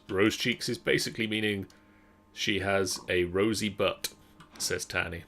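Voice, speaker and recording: A young man streaming a game, chatting casually with his co-player and with his viewers in an unhurried way. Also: low voice, fairly even intonation, pushed and bright, a little hiss or hum. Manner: unhurried, talks to chat. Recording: faint keyboard clicks behind.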